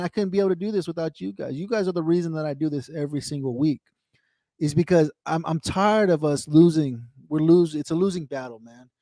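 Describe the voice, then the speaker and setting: A man's voice: on the high side, dark tone, no room sound, studio quality. A man from the United States, in his thirties, hosting a veterans' radio show and talking candidly in a rambling, earnest way that repeats itself. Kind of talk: candid casual talk to a co-host.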